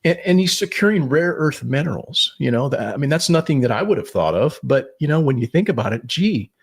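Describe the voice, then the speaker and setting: A man's voice: mid-range voice, big pitch swings, brisk, vocal fry, slightly rough. A man co-hosting a podcast, giving blunt political opinions, swearing and rambling with restarts. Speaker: podcast co-host.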